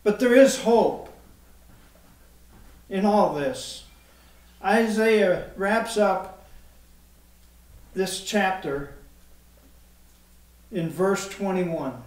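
A man preaching a sermon and reading scripture aloud, with slow and emphatic delivery. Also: high-pitched. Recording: echoey room, mic at a distance.

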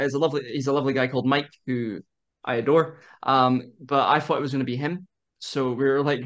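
A man in his twenties, a wrestler guest on a video-call podcast, telling a story in quick animated bursts and laughing often. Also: medium pitch, lo-fi sound. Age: 20s. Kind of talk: casual interview chat.

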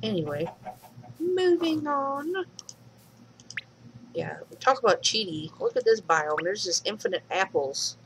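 A woman's voice: lowish voice, moderate pace, few pauses, a bit bright, slight background noise, rough recording. A woman giving casual, chatty commentary while playing a game at home, swearing lightly and talking to the animals. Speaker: let's play host. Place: home room.

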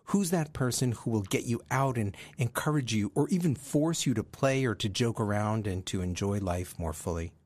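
Husky-voiced man telling a story. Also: fairly low pitch, moderate pace, hardly any pauses, darkish tone, dry recording. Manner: earnest, reflective. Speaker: podcast host. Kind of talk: storytelling monologue.

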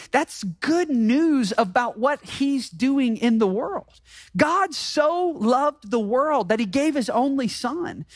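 A man preaching a sermon as pastor, emphatic and slowing down to repeat key phrases. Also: very high-pitched, no echo. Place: church sanctuary.

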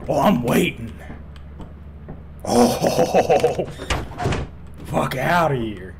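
A man swearing loudly and bantering as he plays a game with friends, yelping when startled. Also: fairly high pitch, expressive, drawn-out words, creaky, long pauses, background noise. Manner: loud, swearing, jumps into yelps when startled. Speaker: gamer streaming with friends. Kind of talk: casual gaming banter.

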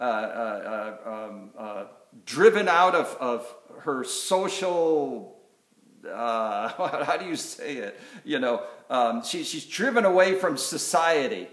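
Male pastor, fairly high voice, earnest sermon delivery with frequent restarts, echoey sanctuary. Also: fairly bright tone. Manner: earnest, halting with many fillers and restarts. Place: church sanctuary.

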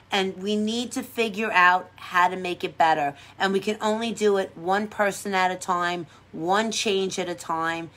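A woman chats casually with viewers during a makeup livestream, reading their comments and staying upbeat, encouraging, and a bit rambly. Her voice is medium-pitched with a fairly bright tone.

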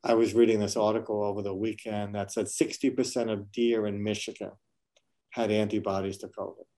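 A man's voice: on the low side, flat delivery, fairly quick, warm tone. A middle-aged man from New York City, a medical school dean, answering questions in an earnest, reflective way with frequent restarts. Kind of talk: webinar interview answers.

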